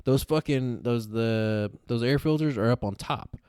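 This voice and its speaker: A man's voice: mid-range voice, measured pace, clear, resonant tone, no echo, studio quality. A man, co-hosting a podcast and telling a long rambling story with lots of swearing. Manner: rambling, profane, animated storyteller. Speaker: podcast co-host. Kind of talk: casual storytelling chat.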